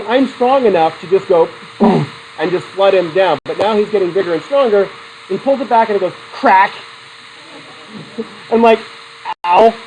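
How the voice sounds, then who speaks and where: A middle-aged man with a slightly high voice teaches a psychology class in an animated way, mixing questions to the students with personal stories. The audio is poor, with a little hiss or hum.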